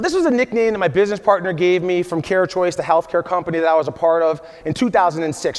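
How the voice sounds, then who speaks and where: A man in his forties giving an emphatic motivational keynote at a conference, often checking in with the audience with "right?". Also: sits high. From USA. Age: 40s. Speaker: conference speaker. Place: large conference hall. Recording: long hall reverb.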